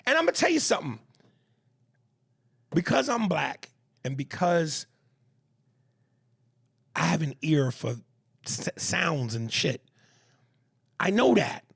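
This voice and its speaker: A man with a New York accent co-hosting a comedy podcast, talking in profane, animated banter and reading listener messages aloud. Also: fairly high pitch, takes it slowly, vocal fry, pauses often, husky. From East Coast of the US. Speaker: podcast co-host.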